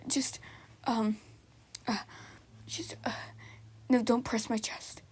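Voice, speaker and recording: A woman doing casual improvised fan role-play, flustered and giggly, stammering and dropping into breathy whispers. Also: on the high side, level tone, takes it slowly, pauses often.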